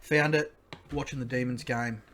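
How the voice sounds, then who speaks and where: An Australian man co-hosting a casual sports podcast, telling crude stories with animated delivery. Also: medium pitch, normal speed, a little hiss or hum. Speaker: podcast co-host.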